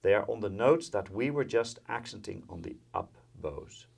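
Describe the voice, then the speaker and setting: Here a man from the Netherlands teaches jazz violin, explaining each step, counting in and using plenty of fillers. His voice sits on the low side, expressive, creaky and slightly rough, moving at a moderate pace, with violin and guitar heard behind him.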